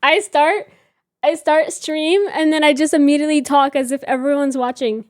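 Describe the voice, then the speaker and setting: A talkative, giggly woman in her thirties hosts a livestream from a home room with a reading chair, chatting casually and reading the chat aloud. Her high voice stays steady at a normal speed, and the sound is dry and close with no room echo.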